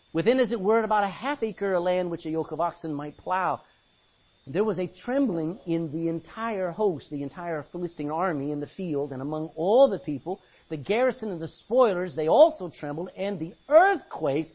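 A man preaching a sermon in an animated way, acting out Bible scenes as he goes. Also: high voice, husky. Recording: dull lo-fi recording.

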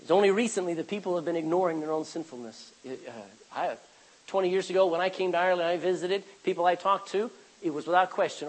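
A man preaching a sermon in a church, animated, acting out the voices of the people in his stories. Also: high-pitched, quick pace, low-quality recording.

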